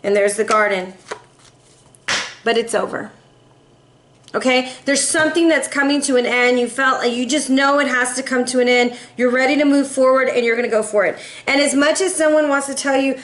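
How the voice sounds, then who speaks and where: A woman's voice: high-pitched, moderate pace, fairly bright tone. A woman giving a casual tarot reading, chatty and playful, swearing casually and acting out voices in quotes. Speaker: tarot reader.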